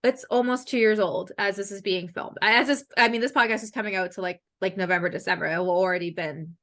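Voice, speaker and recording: A Canadian-accented woman hosts a relaxed podcast conversation. She talks in a lively, animated way and drops casual swear words as she tells stories. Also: medium pitch, fast talker. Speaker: podcast host.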